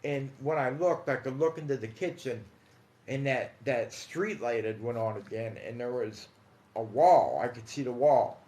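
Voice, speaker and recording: A man casually telling his own paranormal experiences on a livestream, calling his listeners guys and dude, hushed in some stretches and emphatic in others. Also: medium pitch, normal speed. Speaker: paranormal storyteller. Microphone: phone or computer mic on a livestream. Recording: echoey room.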